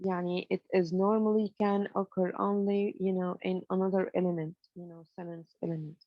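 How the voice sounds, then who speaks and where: An English grammar lecturer with a fairly low, flat voice walks students through grammar step by step at a fairly quick clip, padding with "you know" and asking "okay?" to check they follow. The recording is lo-fi with no echo.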